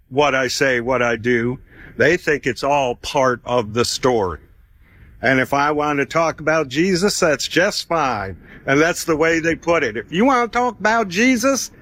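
A man's voice: medium pitch, a bit bright, dry recording. Middle-aged man, personal testimony, easygoing storyteller who chuckles and quotes people, dead-dry recording. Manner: conversational, acts out dialogue, chuckles often.

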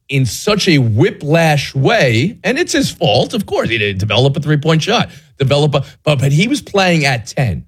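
A man hosts a sports talk show in a loose, playful way. He jokes with his crew and his voice sits in a middle register. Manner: playful, tongue-twister teasing, lively swings in pitch. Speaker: sports radio host.

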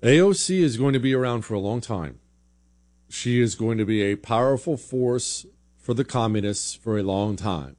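Male opinion host, sarcastic and blunt, expressive delivery, conversational commentary. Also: mid-range voice, moderate pace. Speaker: political talk show host.

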